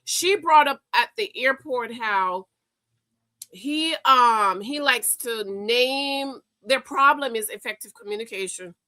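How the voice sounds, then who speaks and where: A woman hosting a reality TV recap, talking in a sassy, animated way and calling out the people she reviews. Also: a little high, takes it slowly, no echo. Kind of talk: casual commentary.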